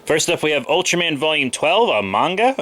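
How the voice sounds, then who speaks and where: A man's voice: on the high side, sing-song, fairly quick, sharp tone. A man in his twenties, a little sick with a cold, chatting loosely and rambling with lots of fillers as he shows off his comic book haul. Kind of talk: casual haul video chat.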